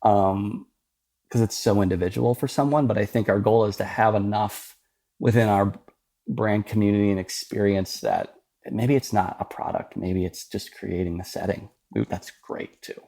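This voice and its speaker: A man's voice: fairly low pitch, moderate pace, vocal fry, mellow. A man from the American Midwest, a podcast guest, talking earnestly and repeating words as he explains. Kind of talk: casual interview talk.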